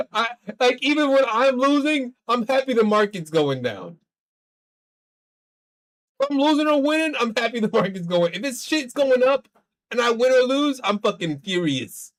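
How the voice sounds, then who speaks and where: High-voiced, profane male streamer. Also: unhurried, pauses often. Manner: profane, rambling, animated venting. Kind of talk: casual livestream chat while gaming.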